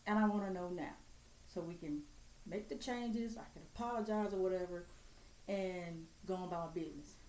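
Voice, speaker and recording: This woman's voice sits on the low side, a little fast and slightly mellow, as she rants to camera with blunt, profane directness. The room is echoey, with faint ambient noise behind her.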